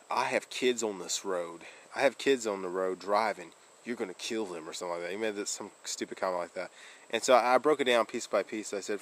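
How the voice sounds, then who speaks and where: A man's voice: on the low side, low-quality recording. A man vlogging casually, rambling through a story with fillers, restarts and laughs.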